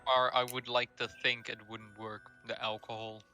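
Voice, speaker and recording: A man's voice: medium pitch, level tone, bright, forceful tone, faint music behind. A young man playing a tabletop game, talking hesitantly. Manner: hesitant, unhurried. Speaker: player. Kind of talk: casual game chat.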